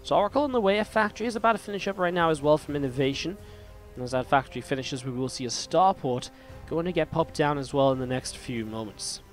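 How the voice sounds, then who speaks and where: A man's voice: fairly high pitch, animated, quick pace, soft background music. A man casting a live esports match, chatting to viewers in a rambling way, his voice slightly strained. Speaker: esports caster and host. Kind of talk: live play-by-play game commentary.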